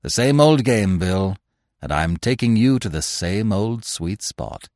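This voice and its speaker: A man playing a gentle, wry plainclothes cop. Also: lowish voice, animated, measured pace, no echo, clean studio sound. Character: gentle, dry-humored male plainclothes police officer.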